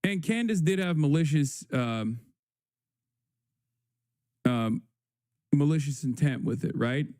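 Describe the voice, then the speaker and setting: A male livestream host in casual news commentary, rambling and sarcastic with crude asides. His voice sits slightly high yet warm. The sound is close and dry. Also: takes it slowly, pauses often, no echo.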